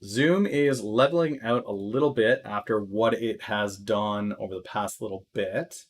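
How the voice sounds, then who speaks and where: A man doing live-stream stock market commentary, thinking aloud with lots of fillers and breaking into loud, exaggerated alarm and crude jokes. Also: lowish voice, unhurried. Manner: crude joking asides.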